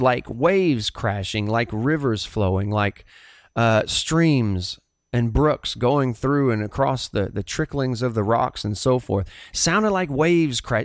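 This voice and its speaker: Earnest Southern pastor, dry sound. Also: male voice, mid-range voice, dry recording. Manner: earnest storytelling with halting restarts. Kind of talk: personal testimony.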